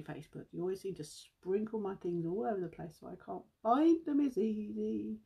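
Chatty British woman with a gravelly voice. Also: mid-range voice, moderate pace, few pauses, mellow. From United Kingdom. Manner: chatty, addresses viewers as guys, hums to herself. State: slightly out of breath. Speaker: beauty seller livestreaming. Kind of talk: casual live-stream chat.

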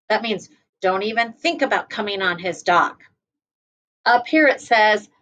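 Slow, high-voiced teacher reading aloud. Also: female voice, animated, poor audio. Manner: gentle, stops to explain words to children. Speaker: kindergarten teacher. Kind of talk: reading a picture book aloud to children.

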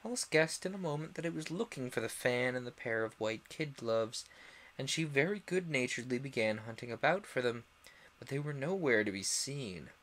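A young man reading a classic storybook aloud on a stream, expressive and acting out the characters. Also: mid-range voice.

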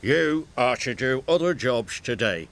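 A man's voice: mid-range voice, expressive, measured pace, background noise. A man voicing a stern, portly male railway boss who gives orders in a storybook reading. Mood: commanding.

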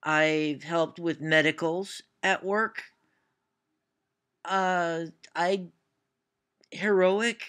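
A woman's voice: on the low side, steady tone, very slow, pauses often, a bit bright. A Canadian woman with a Canadian accent, answering viewer questions in a casual vlog, rambling through anecdotes with lots of "uh" fillers and self-deprecating asides. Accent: Canadian English. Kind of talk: casual Q&A storytelling.

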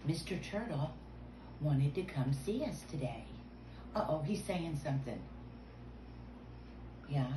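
Woman preschool teacher, unhurried and playful, slipping into hushed whispers; echoey room recording. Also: lowish voice. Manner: playful and animated, dropping to hushed whispers for suspense. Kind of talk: video lesson for young children. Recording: roomy sound with faint background noise.

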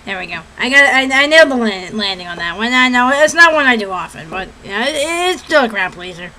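Giggly woman with a high, bright voice. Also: expressive, brisk, poor audio. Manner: giggly, self-deprecating. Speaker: vlogger doing impressions. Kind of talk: casual chat.

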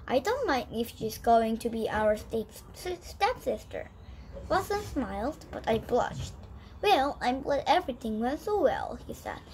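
Halting child reading a storybook aloud. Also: high voice, a little mellow, slight background noise, low-quality recording. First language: Korean. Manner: halting, repeats and corrects words while reading. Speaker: young English learner.

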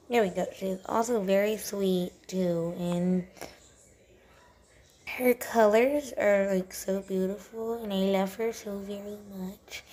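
A woman with a warm, medium-pitched voice vlogs at home with a handheld camera, walking between rooms to show her cats. Her casual talk rambles and is full of fillers.

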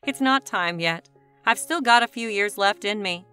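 Storybook reading, woman voicing an aging professor man, light feathery voice, bright, faint music behind. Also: medium pitch, moderate pace, natural voice. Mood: weary. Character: aging male literature professor, gentle and proud.

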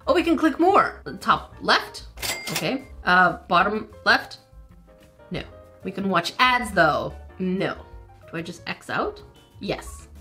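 A woman hosting a casual let's-play, giggly and excitable, talking to the game and the dog on screen. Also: mid-range voice. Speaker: gaming channel host.

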